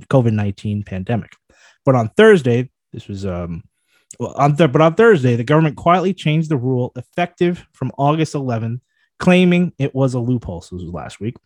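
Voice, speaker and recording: A man's voice: mid-range voice, darkish tone, no room sound. Man, podcast host, reads headlines then riffs, dry close sound. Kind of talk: casual news discussion podcast.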